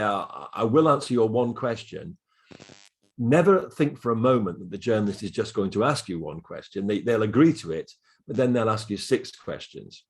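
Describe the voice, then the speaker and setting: Husky, measured male media consultant. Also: on the low side, darkish tone. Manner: measured, explanatory, with fillers and restarts. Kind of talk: advice in a recorded interview.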